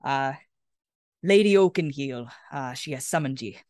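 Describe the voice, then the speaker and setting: A woman's voice: very deep voice, expressive, measured pace, darkish tone, no echo, studio quality. A woman voicing an older male goblin second-in-command who speaks in a formal, slightly flustered way.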